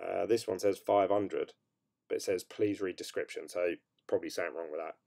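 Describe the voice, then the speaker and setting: A man's voice: low voice, a little fast, vocal fry, a little mellow. A young man chatting casually on a livestream, rambling and upbeat, with lots of hedges and fillers as he reads out viewer comments. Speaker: crypto mining streamer. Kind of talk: casual late-night livestream chat, reading viewer comments.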